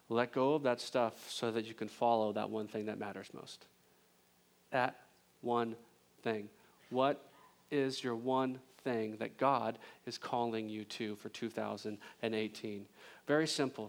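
A man preaching a sermon as pastor, conversational and joking, with emphatic swings between loud intensity and a hushed delivery. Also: mid-range voice, vocal fry. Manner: conversational with jokes and laughter.

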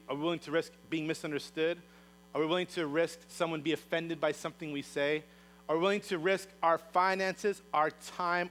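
A man preaching a sermon, telling a story in a lively way and acting out the characters' lines in voices. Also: high voice, a little hiss or hum, rough recording. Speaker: pastor.

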